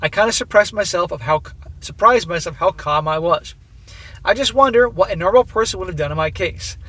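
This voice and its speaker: A man's voice: high-pitched, brisk, a bit bright, slightly rough. A man hosting a commentary channel, reading a story aloud and breaking off to comment on it in a casual way.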